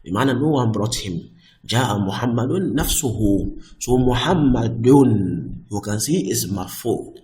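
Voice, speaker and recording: A man teaching a grammar lesson, patiently explaining rules and often checking that things are clear. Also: mid-range voice, expressive. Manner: patient, repeats "I hope that is clear", restarts phrases; reads example phrases slowly and louder.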